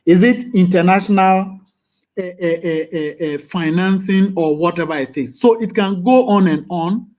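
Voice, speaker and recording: A man with a notably high voice advises students on exam preparation. He talks emphatically, repeats phrases and stumbles over fillers. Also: normal speed, darkish tone. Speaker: presenter. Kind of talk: advisory talk.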